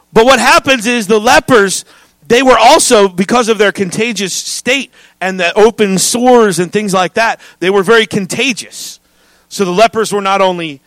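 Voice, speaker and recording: A man preaching a sermon as pastor, reading scripture and joking with his congregation in an animated way. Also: sits high, dry recording.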